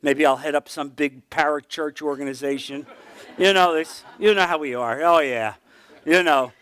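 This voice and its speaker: A man's voice: normal speed, clean tone. A middle-aged man teaching a Bible class, telling a personal testimony in an earnest, conversational way. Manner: earnest storytelling, voice dropping low and soft at emotional points.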